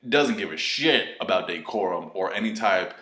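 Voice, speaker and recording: Dude doing a chatty anime episode review, kinda low voice, swears a lot, echoey room. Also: male voice, normal speed. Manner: rambling, excitable, swears freely. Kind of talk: casual video review.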